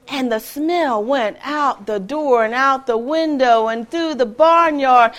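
A woman telling a children's story at an event with tables, lively and singsong, breaking into little tunes. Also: high-pitched, slow pace, few pauses.

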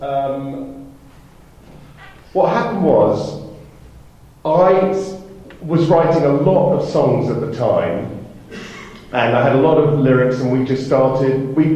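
A man's voice: medium pitch, mellow, highs cut off. Man reading aloud in a roomy hall. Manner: reads a passage, then sings his song. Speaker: author and songwriter guest. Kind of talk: reading from his book on stage.

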